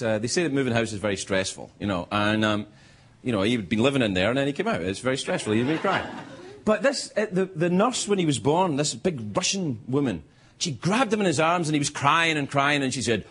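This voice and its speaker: Rambling man with lively pitch. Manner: rambling, self-interrupting, chuckling at his own jokes. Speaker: late-night talk show host. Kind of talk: stand-up monologue. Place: TV studio with live audience. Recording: noisy studio audio with crowd laughter. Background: audience laughter.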